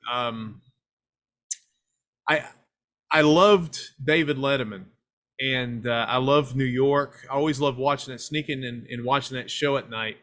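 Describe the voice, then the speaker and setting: A man's voice: medium pitch, a little slow, pauses often, a bit bright. A man from Knoxville, Tennessee, chatting as a podcast guest in a rambling, self-deprecating, joking way. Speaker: guest filmmaker. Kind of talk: casual interview chat.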